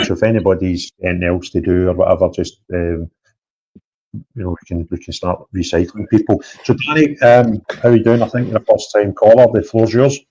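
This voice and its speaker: A Scottish man hosting a live stream, briskly handing the floor to callers. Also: on the low side, mellow. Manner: brisk, organizing. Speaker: host. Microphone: video call. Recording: dull lo-fi audio.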